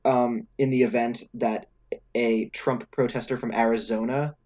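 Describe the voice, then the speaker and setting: A man's voice: mid-range voice, flat delivery, measured pace, darkish tone. A young man co-hosting a podcast, chatting casually about politics with lots of fillers and restarts. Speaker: podcast co-host.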